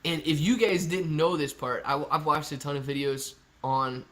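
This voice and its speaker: A young man runs a live stream and talks through viewer comments in a loose, chatty way, throwing in "dude" and "man" often. His voice sits a little higher than most men's. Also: moderate pace, fairly bright tone. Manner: chatty, laid-back, says dude and man a lot. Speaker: livestream host reading chat. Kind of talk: casual live stream chat.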